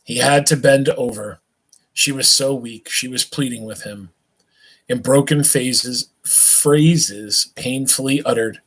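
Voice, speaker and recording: A man reads a novel aloud on a live stream in an unhurried way. His voice sits at a middle pitch. He trips over words and restarts, and sometimes stops to make a quick aside to his listeners. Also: slightly rough, rough recording. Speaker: reader.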